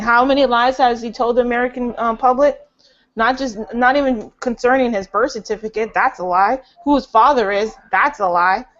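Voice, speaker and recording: A woman ranting in a casual, rambling way on a group call, with lots of fillers and restarts. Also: a little high. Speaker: caller in a group voice chat. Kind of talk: casual conspiracy rant. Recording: dull lo-fi online call audio.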